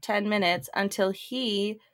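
A woman co-hosting a chatty podcast, retelling film plots with plenty of acted-out quotes. Her voice sits at a middle pitch for a woman, and she keeps the recap moving in a relaxed, conversational way. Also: takes it slowly. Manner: animated retelling of movie scenes, acting out lines. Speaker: podcast co-host. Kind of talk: casual chat.

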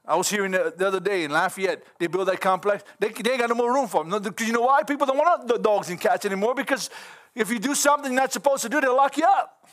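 A middle-aged man preaching a fervent sermon, folksy in grammar and rising at times to shouts. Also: high-pitched, quick pace.

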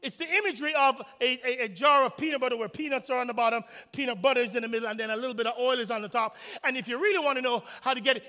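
A man preaching a sermon in church, emphatic, swinging from shouts to soft asides. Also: extremely high pitch, very fast, hardly any pauses, in a large hall. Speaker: pastor.

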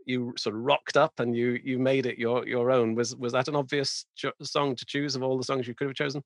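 Male podcast host, middle pitch, friendly halting questions. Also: little pitch movement, dry recording, studio quality. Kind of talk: casual interview questions.

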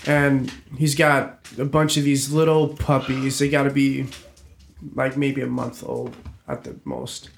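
A man's voice: medium pitch, animated, a little slow, vocal fry, a little hiss or hum. A man telling a rambling, swear-laced story in a casual chat with friends, full of restarts. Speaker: storyteller on a group podcast. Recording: roomy echo.

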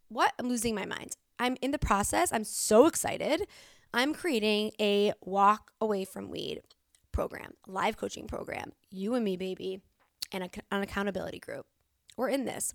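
A woman's voice: medium pitch, no echo, clean studio sound. A woman hosting a solo motivational podcast, talking in a candid, emphatic way, cursing at times and restarting her sentences. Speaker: podcast host.

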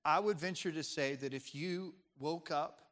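Fairly high in pitch and a bit bright, this pastor's voice moves at a moderate pace through a playful sermon. He quizzes the congregation gathered in the sanctuary, and a long hall reverb hangs in the air.

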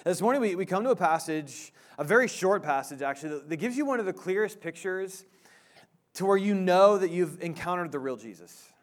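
His voice is high with lively intonation as this thirties-aged man preaches from the pulpit. He's casual and halting, often restarting and leaning on fillers.

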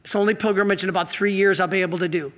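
A man, a priest, telling a story in an animated talk, laughing and acting out the quotes. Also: high voice, very fast. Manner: lively, laughs, acts out quotes, excitable. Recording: long hall reverb.

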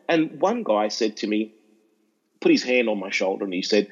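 A middle-aged Australian man, an educational speaker, telling stories in an interview, animated and restarting often. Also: medium pitch, fast talker, husky, dull audio. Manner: animated, repeats and restarts, acts out voices in anecdotes. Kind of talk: storytelling interview chat.

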